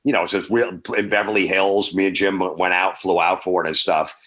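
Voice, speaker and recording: A male comedian from New York, telling animated anecdotes as an interview guest. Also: deep voice, a little fast. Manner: animated storyteller.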